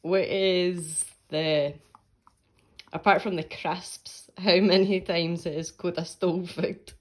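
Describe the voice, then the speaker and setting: A woman's voice: lowish voice, steady tone, slow pace. A woman casually prompting her partner with questions about their dog. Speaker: co-host asking questions. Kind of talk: casual chat.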